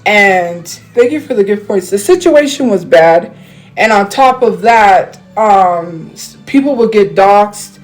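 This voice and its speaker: A woman's voice: mid-range voice, lively intonation, slow pace, soft background music, low-quality recording. A woman hosting a livestream, talking heatedly to viewers in a rambling, casual way, full of fillers and restarts, into a phone. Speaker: livestream host.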